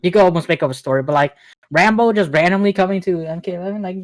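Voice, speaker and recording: A man's voice: high-pitched, rapid-fire. A young man co-hosting a gaming podcast in casual chat, drowsy and yawning, trailing off between thoughts. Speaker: podcast co-host.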